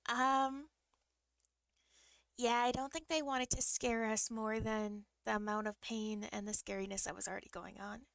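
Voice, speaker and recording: Woman, streamer, casual storytelling, chatty with ums, dry close sound, vocal fry. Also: fairly high pitch, steady tone, normal speed, fairly bright tone, no echo. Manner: chatty, frequent ums, laughs through her story.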